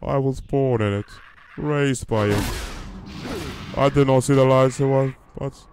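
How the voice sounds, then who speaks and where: A man's voice: mid-range voice, fairly even intonation, a little slow, a little mellow, slight background noise, pitched above the performer's own voice, lightly acted. A man doing an impression of a posh, theatrical masked male villain. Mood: grandiose.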